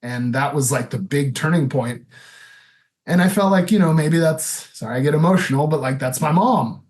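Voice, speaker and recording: A man's voice: fairly high pitch, normal speed, a little mellow. A man in his thirties telling his own story as a podcast guest, candid and loose, full of "you know" and "like". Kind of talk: casual interview storytelling.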